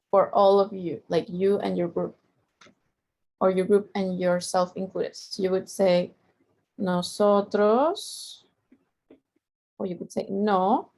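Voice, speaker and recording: A woman's voice: mid-range voice, gravelly, a little mellow. A middle-aged woman teaching a Spanish lesson, patiently repeating each point and drawing out the example words. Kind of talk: language lesson.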